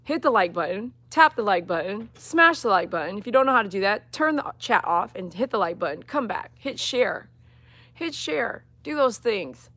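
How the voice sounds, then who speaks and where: A woman's voice: mid-range voice, sing-song, normal speed, a bit bright. A woman dog groomer talking outdoors on a live-streamed grooming demonstration, chatty, coaxing and reassuring.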